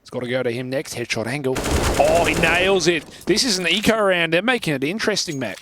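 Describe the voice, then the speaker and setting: A man's voice: on the high side, lively intonation, fairly quick, background noise. A man giving playful, teasing colour commentary on an esports match. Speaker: esports caster.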